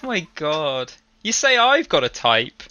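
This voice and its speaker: High, giggly man player on a call. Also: measured pace, dull audio, a little hiss or hum. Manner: giggly, excitable. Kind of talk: casual banter at a tabletop game.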